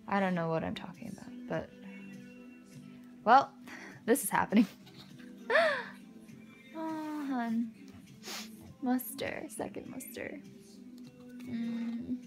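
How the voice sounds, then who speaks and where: Gushing young woman with a lively voice. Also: fairly high pitch, slow pace, long pauses, over music. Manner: gushing and excitable, with soft muttered asides and frequent laughs. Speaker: unboxing vlogger. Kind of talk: casual unboxing commentary.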